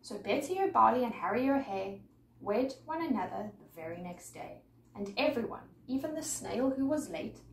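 A woman reading a rhyming picture book aloud with a lively, sing-song rhythm. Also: fairly high pitch, moderate pace, gravelly. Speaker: storyteller. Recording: echoey room, mic far off, faint noise.

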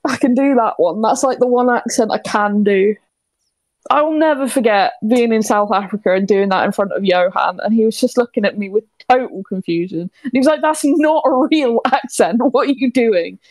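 A woman's voice: mid-range voice, fairly quick, a little mellow, no echo. A British woman hosting a gaming stream, chatting casually and laughing often into a close mic. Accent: British English. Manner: giggly, bubbly, laughs often. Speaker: streamer host.

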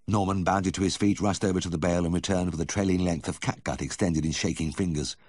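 Low husky male audiobook narrator. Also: fairly even intonation, a little mellow, no room sound, clean studio sound. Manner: measured first-person storytelling. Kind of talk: scripted narration.

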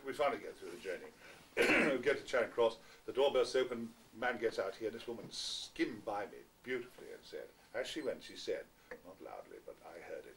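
A man's voice: on the low side, gravelly. Theatrical older man telling wry tales. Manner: theatrical, wry, self-mocking. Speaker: guest actor answering fans. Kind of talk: anecdotal storytelling. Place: small packed venue, indoors. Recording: distant amateur recording with faint hiss.

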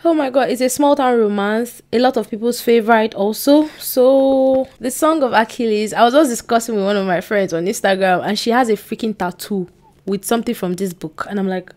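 A young woman, chatting casually to camera at home, rambling with excited bursts and quiet trailing asides. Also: on the high side, a little fast. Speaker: book vlogger. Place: indoors at home by a bookshelf. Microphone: on-camera mic.

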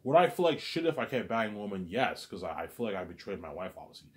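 Low-voiced man rambling agitatedly. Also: very animated, fast talker. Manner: repetitive, stammering, agitated. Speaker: vlogger. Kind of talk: rambling monologue.

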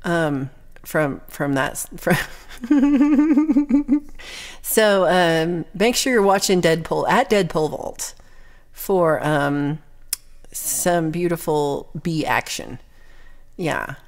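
A woman's voice: on the low side, expressive, extremely slow, pauses often. A young woman chatting casually with her livestream viewers, reading their comments aloud in a rambling, playful way with lots of ums and little laughs.

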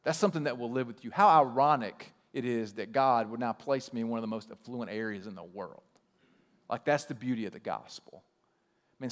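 A male pastor giving a conversational sermon, telling stories with a joking, animated manner in a church sanctuary. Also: mid-range voice, big-room sound. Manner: conversational, animated storytelling with self-deprecating humor.

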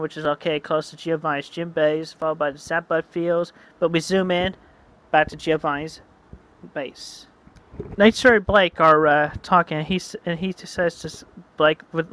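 A home narrator reading a homemade comic aloud, halting and correcting itself, adding mouth sound effects. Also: mid-range voice, flat delivery, fairly bright tone. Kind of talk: casual read-aloud narration.

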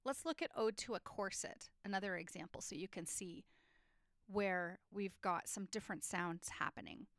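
A woman teaching a lesson on poetry structure, explaining clearly and reading poems aloud with feeling. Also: medium pitch, normal speed, fairly bright tone, dry recording, studio quality.

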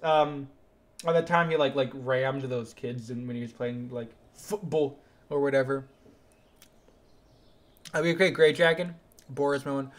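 Young male streamer, slightly high voice, excitable live gameplay chatter. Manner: excitable, bursts louder when things happen.

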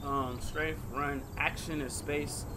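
A man's voice: a little high, fairly even intonation, slow, very noisy. A man doing horror game commentary as a gaming video creator, jumpy and talking to viewers, yelping and swearing at the scares.

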